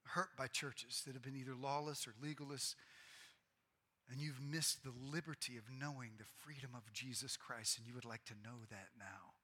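Pastor guy preaching, earnest then suddenly loud, echoey church. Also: mid-range voice, moderate pace, husky. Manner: earnest, swings to loud excited outbursts. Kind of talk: sermon. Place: church sanctuary. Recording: long reverb of a large hall.

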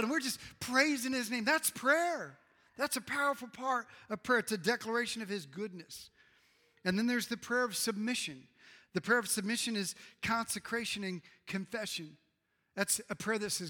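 A middle-aged male pastor preaching a sermon in a church, swinging from loud emphasis to hushed tones. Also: extremely high pitch, normal speed. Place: church sanctuary. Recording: reverberant hall.

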